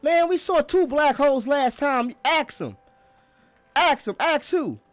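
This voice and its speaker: A man voicing a brash young man from the future who argues about space travel in loud, slangy, incredulous banter. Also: high voice, sing-song, moderate pace, no echo, pitched above the performer's own voice. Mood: heated bickering.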